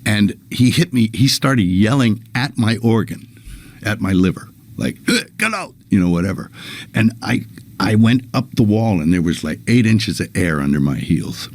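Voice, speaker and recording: Gravelly, husky bass of a guest telling animated stories. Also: male voice, normal speed, no room sound. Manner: animated anecdote-telling, acting out quotes. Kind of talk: casual conversation.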